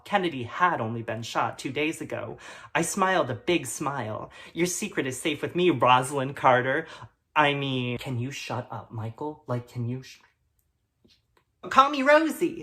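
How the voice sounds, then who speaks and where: A man doing a gawky teenage boy reading his own overwrought fan fiction with flat sincerity. He trails off into mumbled, hesitant asides, then plunges back into the purple prose with solemn earnestness. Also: fairly high pitch. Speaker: comedy performer. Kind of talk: deadpan comic reading of melodramatic prose.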